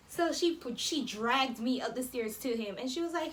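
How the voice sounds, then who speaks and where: A woman's voice: sits high, normal speed, few pauses, slight background noise. An eighteen-year-old woman from Jamaica, telling a story casually to camera with lots of "um" and "like". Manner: chatty, many fillers like "um" and "like". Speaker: vlogger.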